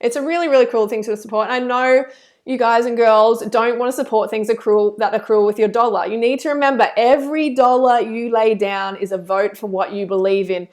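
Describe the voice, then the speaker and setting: A woman's voice: fairly high pitch, steady tone, moderate pace. A woman hosting a live stream, chatty and effusive when thanking donors, and earnest and preachy when she campaigns. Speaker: live stream host reading super chats.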